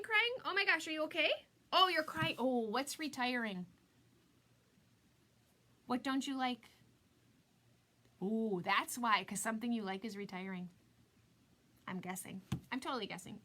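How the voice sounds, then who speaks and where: A woman's voice: fairly high pitch, bright, forceful tone, slight background noise. A woman in her forties hosting a live-stream craft tutorial, chatty and giggly, greeting viewers by name. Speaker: craft product designer hosting a live demo.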